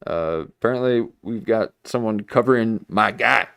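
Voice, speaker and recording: A man's voice: fairly low pitch, normal speed, creaky, a bit bright, clean tone, no echo, clean studio sound. A man hosting a livestream, rambling in casual, self-mocking commentary. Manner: rambling, self-mocking, jumps into mock voices. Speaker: livestream host.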